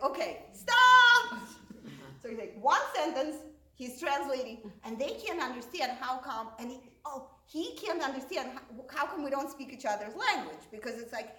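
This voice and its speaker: A woman comedian whose first language is Russian spins meandering stories at an event, leaning on fillers and restarts. Her voice sits a little high and sounds distant from the microphone. It rings around an echoey hall. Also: a bit bright. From Russian-speaking background. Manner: rambling, filler-heavy storytelling, jumping into high-pitched quoted voices. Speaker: stand-up comedian. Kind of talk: stand-up storytelling. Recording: echoey room, recorded from a distance.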